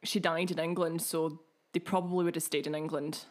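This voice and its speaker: A woman's voice: low-pitched, flat delivery, brisk. A Scottish woman co-hosting a podcast, talking in a friendly, easy-going way. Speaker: podcast co-host. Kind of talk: casual chat.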